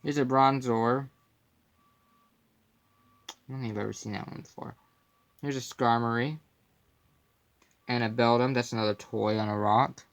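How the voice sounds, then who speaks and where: A young man walks through his card collection in a loose, joking way, tossing in puns and quiet mumbled asides. He talks slowly and takes his time, and his voice has a gravelly, fry-laced edge. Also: medium pitch, steady tone. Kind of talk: casual off-camera commentary.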